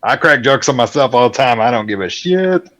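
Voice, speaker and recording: A man's voice: medium pitch, expressive, brisk, a bit bright. A man chatting on a stream, teasing the host with crude, profane jokes. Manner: crude, teasing, swears freely. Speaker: regular on the stream. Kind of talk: casual chat.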